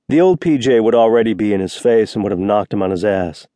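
A man narrating a romance novel as an audiobook reader, voicing each character with slight shifts of pitch. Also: expressive, quick pace, few pauses, dark tone, no room sound. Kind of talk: scripted narration.

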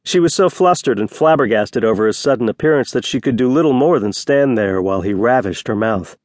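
A man narrating a romance novel as an audiobook reader, voicing each character with slight shifts of pitch. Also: animated, a little fast, a little mellow, dry recording, clean studio sound. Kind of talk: scripted narration.

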